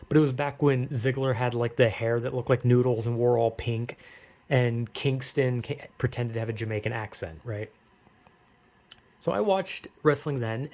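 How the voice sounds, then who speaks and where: A man's voice: medium pitch, a little mellow. A man rants casually to his audience in a mid-range voice. He rambles, circles back with fillers, and curses when frustrated. The talk is loose and unscripted. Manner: rambling, frustrated, swears often, many fillers. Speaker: wrestling fan vlogger. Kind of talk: casual rant.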